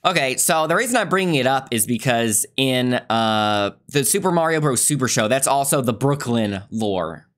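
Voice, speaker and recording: A man's voice: mid-range voice, animated, normal speed, few pauses, fairly bright tone. Chatty man explaining film trivia. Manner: talkative, explains background at length. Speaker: podcast host reviewing a film. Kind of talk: casual review chat.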